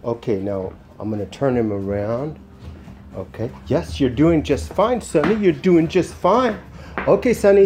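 A man who sits and trains dogs, explaining casually at home. He alternates soft, soothing praise with short, firm commands. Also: medium pitch, big pitch swings, a little slow, slight background noise. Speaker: dog sitter and trainer. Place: indoors at home.

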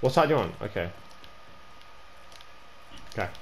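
A man's voice: fairly low pitch, expressive, moderate pace, slight background noise. A young man, a gaming YouTuber, chatting casually during an online trade prank, stammering and repeating himself and calling the other player "bro" and "man".

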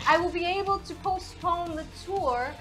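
Woman doing a high, bright-voiced Italian tour guide, eager and halting; game voice over faint music. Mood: apologetic. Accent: put-on Italian. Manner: eager, halting, repeats words. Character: chatty male Italian catacomb tour guide.

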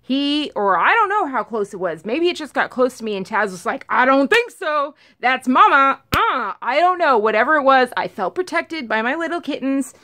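A woman casually telling a storytime on her vlog, rambling and animated, acting out what everyone said. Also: sits high, normal speed, few pauses. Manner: rambling, animated retelling full of "like" and acted-out quotes. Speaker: vlogger telling a storytime about her cat.

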